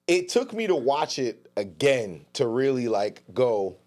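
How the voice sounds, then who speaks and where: A man's voice: medium pitch, sing-song, unhurried, darkish tone, soft background music. A man co-hosting a podcast in casual chat, talking in a laid-back, slangy way. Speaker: podcast co-host.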